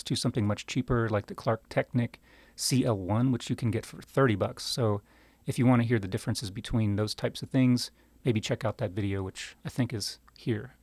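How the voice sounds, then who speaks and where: A man's voice: mid-range voice, no room sound. A man casually demonstrating microphones, talking close between two broadcast mics at his desk in a chatty, self-deprecating way and putting questions to the listener. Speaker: microphone reviewer. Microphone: talking close between two broadcast dynamic mics.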